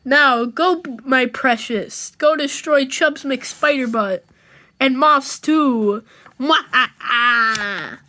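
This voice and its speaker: A scheming cartoon villain, as a woman reading puts him on, lowering the voice into a slow, gloating drawl. He sounds sinister and pleased with himself. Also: pushed and bright, full character voice.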